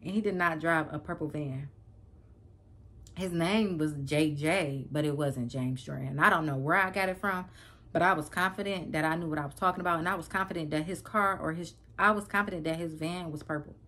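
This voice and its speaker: Vlogger, woman, slightly low voice, animated and emphatic storyteller. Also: brisk. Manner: animated, emphatic, repeats herself, talks straight to viewers. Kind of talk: casual storytelling to camera.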